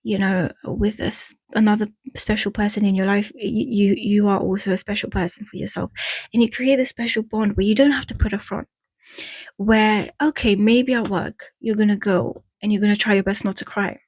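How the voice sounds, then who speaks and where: A woman's voice: medium pitch, fairly even intonation, moderate pace, a little mellow, slightly rough, no echo. A woman with an Eastern European accent giving frank, chatty breakup advice in a casual vlog, drifting off topic and laughing at herself. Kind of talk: casual direct-to-camera talk.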